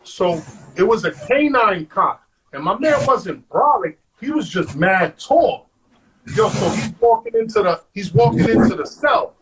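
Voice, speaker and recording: A man, a guest on an interview show, telling stories in an animated way, acting out quotes and saying "man" all the time. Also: high-pitched, measured pace, background noise. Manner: animated, acts out quotes, says "man" constantly. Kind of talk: storytelling.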